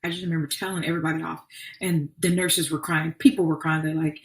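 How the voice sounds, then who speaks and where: A woman's voice: sits low, flat delivery, quick pace. A woman hosting a podcast, telling her own story in an earnest, faith-filled way with many restarts. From Arkansas. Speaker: podcast host. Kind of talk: personal testimony podcast. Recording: echoey room, distant mic.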